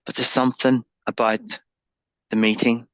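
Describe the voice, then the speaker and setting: A man's voice: medium pitch, level tone, moderate pace, a bit bright, no room sound. Musing man, dry sound. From Northern Ireland. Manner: musing, thinks aloud. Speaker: podcast guest. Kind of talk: reflective conversation.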